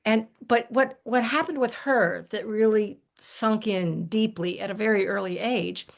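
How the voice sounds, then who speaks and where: An older woman talks through memories in a loose, folksy way, circling back and restarting her thoughts. Her voice sits mid-pitch with a gravelly edge. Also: unhurried. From United States. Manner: warm folksy storytelling with frequent restarts and laughs. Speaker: herbalist guest. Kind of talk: relaxed conversational storytelling.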